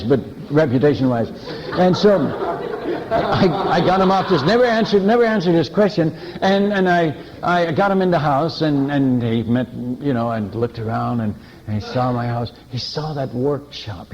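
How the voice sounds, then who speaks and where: A man preaching as a missionary, telling stories in an animated way, chuckling and restarting often. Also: a little high, lo-fi sound, noisy background. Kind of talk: anecdotal sermon storytelling.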